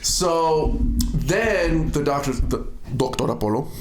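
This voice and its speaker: A man hosting a podcast, telling stories in a casual, animated way and laughing often. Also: on the high side, slow, reverberant, a little hiss or hum. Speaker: podcast host. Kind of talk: casual chat.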